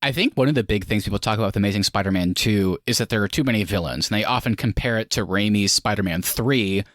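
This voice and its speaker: A man's voice: on the low side, quick pace, fairly bright tone, dry recording, studio quality. A man co-hosting a casual film review chat, rambling and leaning on "like" as he acts out scenes. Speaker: podcast co-host.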